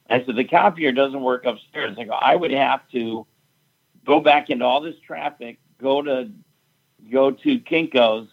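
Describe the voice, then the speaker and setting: Man, storytelling, profane, blunt, muffled lo-fi sound. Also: medium pitch. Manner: blunt, profane, recounting quarrels with rising heat. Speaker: fight event promoter. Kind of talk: casual storytelling.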